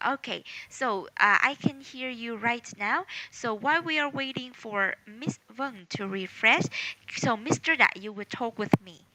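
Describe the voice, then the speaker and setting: A woman teaching an English class over a video call, patiently moderating students and gently correcting their grammar. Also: fairly high pitch, measured pace, poor audio.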